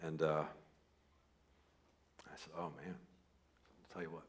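A man preaching a sermon, telling a personal story, starting soft and building to loud emphasis. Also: rumbling low, little pitch movement, takes it slowly. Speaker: pastor.

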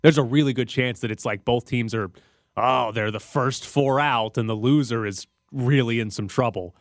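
A man's voice: mid-range voice, moderate pace, dry recording, studio quality. A man hosting a sports talk radio show, breaking down games in a casual, chatty way. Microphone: studio microphone.

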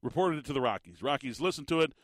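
A middle-aged man, giving an animated, exasperated opinion monologue as a commentator, full of restarts. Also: medium pitch, fast, no room sound, clean studio sound.

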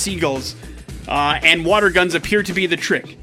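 A man's voice: a little high, normal speed, pushed and bright, soft background music. A man co-hosting a morning radio show, reading headlines and joking around in casual banter from the studio. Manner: playful, jokey banter. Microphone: studio microphone.

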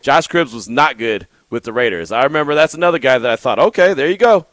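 A man's voice: medium pitch, expressive, quick pace, a bit bright, no echo. A man hosting a call-in sports radio show, chatty, often laughing and restarting his sentences.

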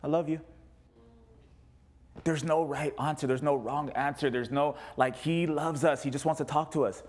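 Animated pastor man preaching. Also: on the high side, moderate pace. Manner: animated, jokey, acts out quotes. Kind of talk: sermon with congregation questions.

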